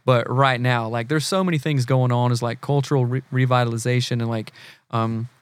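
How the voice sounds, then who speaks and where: A man's voice: medium pitch, fairly even intonation, brisk, smooth, no echo. A man from the American South, talking casually as a podcast guest, earnest and full of examples, fillers and restarts. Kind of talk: casual conversation.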